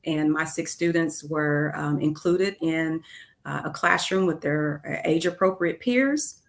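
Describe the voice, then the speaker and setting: Guest: low-pitched middle-aged woman, earnest storyteller, lots of ums. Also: a little slow, vocal fry. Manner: earnest, many fillers like um and uh. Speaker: guest, education leader. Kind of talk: interview storytelling.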